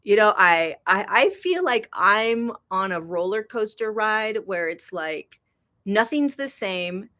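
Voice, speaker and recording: A woman hosting a casual spiritual livestream, chatty, greeting viewers by name and swinging from soft to excited. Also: medium pitch, slow. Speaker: host. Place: indoors in Kenya.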